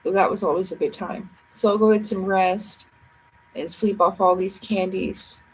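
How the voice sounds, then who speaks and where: A woman's voice: mid-range voice, steady tone, moderate pace, a little hiss or hum, low-quality recording. A tired woman chatting playfully and ramblingly with viewers on a casual livestream.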